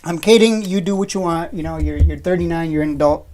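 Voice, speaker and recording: A woman's voice: on the low side, fast, warm tone, a little hiss or hum. A woman in her thirties hosting a casual live stream, teasing her chat with profane, joking rants and frequent laughter. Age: 30s. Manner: laughs often between lines. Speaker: livestream host reading chat.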